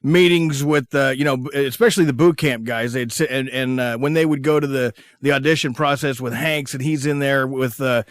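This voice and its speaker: A man's voice: medium pitch, steady tone, a little fast, few pauses, dry recording. A man hosting a radio interview, asking long, rambling questions full of fillers. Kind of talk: casual interview.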